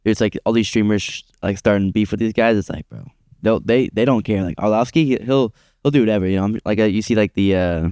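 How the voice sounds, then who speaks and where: A man's voice: lowish voice, darkish tone, clear, resonant tone, no room sound, clean studio sound. A man hosting a casual podcast chat, asking questions and riffing on fight news. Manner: quick, chatty, asks questions.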